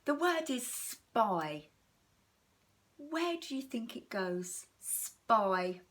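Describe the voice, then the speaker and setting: An English woman teaching young children a phonics lesson, slow, sing-song and encouraging, stretching words out. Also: a little high, big pitch swings, fairly bright tone. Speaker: primary school teacher.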